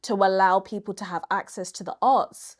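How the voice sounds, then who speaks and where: Woman, British accent, young adult, co-host, casual chat, mid pitch, reflective. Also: steady tone. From United Kingdom. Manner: chatty, reflective, drawn-out words.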